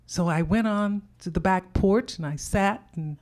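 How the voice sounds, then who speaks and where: A woman from telling a personal story in a measured, heartfelt way. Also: mid-range voice, a little mellow. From Louisiana.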